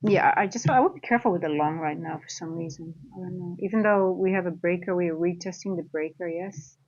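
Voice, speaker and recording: A woman's voice: on the low side, fairly quick, a little mellow, lo-fi sound. A woman trading coach giving chatty live-stream market commentary, thinking aloud as she reads the charts.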